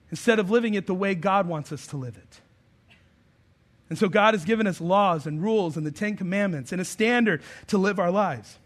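A man in his thirties preaches in a relaxed, conversational style, with a fairly high voice. He leans on humor and family stories. He builds to emphatic, raised points. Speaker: pastor. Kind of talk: sermon.

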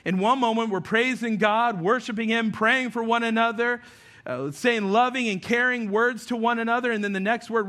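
High, bright-voiced man preaching a sermon. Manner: earnest, conversational preaching with self-deprecating asides. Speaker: pastor.

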